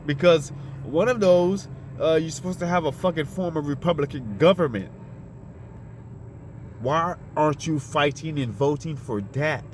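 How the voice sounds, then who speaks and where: A man's voice: fairly high pitch, normal speed, a little hiss or hum. A man delivering a fiery, profane, unscripted monologue, firing off rhetorical questions in a preachy tone.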